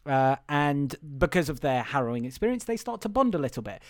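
A man's voice: a little high, sing-song, brisk, no room sound, studio quality. A man casually recapping a film for a comedy podcast, rambling with restarts. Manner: rambling, restarts, breaks into goofy character voices.

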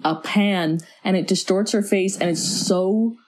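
A woman's voice: mid-range voice, a little slow. A woman co-hosting a podcast, chatting casually and acting out scenes with laughter. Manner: animated storytelling, acting out quotes, laughs often. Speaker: podcast co-host. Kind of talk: casual chat.

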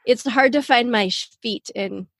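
A woman's voice: fairly high pitch, moderate pace, fairly bright tone, dry recording, studio quality. A woman in her thirties from Minnesota with a Minnesotan accent, co-hosting a podcast in casual chat and laughing often. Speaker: podcast co-host.

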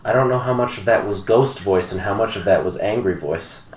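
A man's voice: lowish voice, fairly quick, crowd noise. A man playing a tabletop game, asking wry, dry questions. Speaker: player. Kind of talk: casual tabletop play. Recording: roomy echo.

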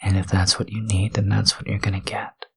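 Low gravelly guy doing a whispered role-play, breathy and halting, soft and tender. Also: level tone. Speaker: podcast host.

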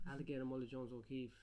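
A man joking around on a comedy podcast. His humor is goofy and crude, and he breaks into sudden loud bursts between easygoing remarks. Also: mid-range voice. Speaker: podcast co-host. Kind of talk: casual comedic chat.

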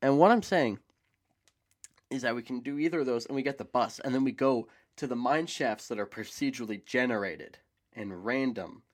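A man co-hosting a casual chat, rambling excitedly and swearing casually. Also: mid-range voice, moderate pace. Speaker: podcast co-host.

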